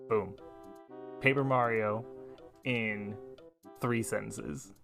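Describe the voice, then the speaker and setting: A man livestreaming a game, cracking jokes and reading the characters' lines aloud. He swears freely and slips into silly voices. Game music plays clearly behind him. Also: medium pitch, measured pace, long pauses, a bit bright. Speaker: streamer. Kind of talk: casual gameplay commentary, reading game dialogue aloud. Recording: gaming stream with background music.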